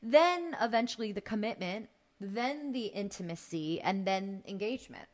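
A woman's voice: medium pitch, animated, normal speed. Chatty woman asking questions. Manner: chatty, asks questions, fillers like "like". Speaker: co-host. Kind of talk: casual chat.

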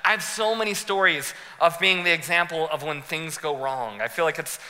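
A young man preaching a sermon as pastor, telling stories in a lively way, laughing and acting out the scenes. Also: a little high, moderate pace. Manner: animated, laughing storyteller who acts out scenes. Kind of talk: sermon with personal storytelling. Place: church hall. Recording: long hall reverb.

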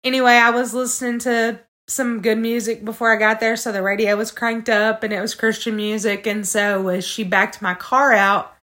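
A woman's voice: fairly high pitch, flat delivery, normal speed, few pauses, sharp tone. A woman telling a personal story earnestly on a casual podcast, talking straight to her listeners. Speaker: podcast co-host.

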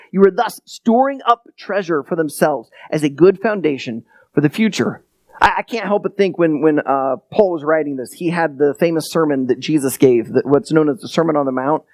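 Brief: male pastor, casual sermon delivery, high and lively voice, dry sound. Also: no room sound. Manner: conversational, repeats words when he restarts.

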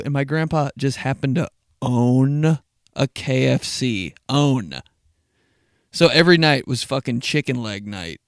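A man's voice: fairly high pitch, a bit bright, no echo, studio quality. A young man hosting a podcast, telling rambling, profane, comedic stories and laughing at himself. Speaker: podcast host. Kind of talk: casual comedic storytelling.

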